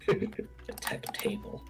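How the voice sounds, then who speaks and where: A man's voice: pushed and bright, rough recording. A man hosting a casual gaming chat, playful and giggly as he builds and jokes. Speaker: server host building in game.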